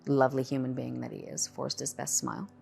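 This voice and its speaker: A middle-aged woman with a low, gravelly voice tells her cancer story in a candid, conversational way. It is a personal testimony, with faint music underneath. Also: flat delivery, fairly quick, mellow.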